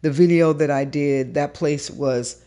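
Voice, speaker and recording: Profane animated woman telling dating stories. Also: a little slow. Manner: animated storytelling, profane, acts out quotes in a high voice. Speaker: dating coach. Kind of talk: casual vlog monologue.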